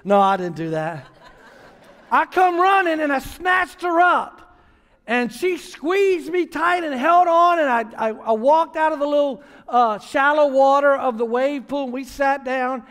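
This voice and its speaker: Man preaching, very high voice, storytelling, emphatic, long church-hall reverb. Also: lively intonation, a little slow. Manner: storytelling preacher, builds to emphatic near-shouting. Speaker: pastor. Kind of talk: sermon. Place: church sanctuary.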